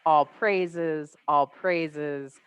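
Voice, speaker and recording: A woman's voice: low voice, steady tone, extremely slow, clear, resonant tone. Woman reciting as a proud, boastful Buddha. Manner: grand, boastful declamation. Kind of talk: poetry recitation. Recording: dry, dull lo-fi webinar audio.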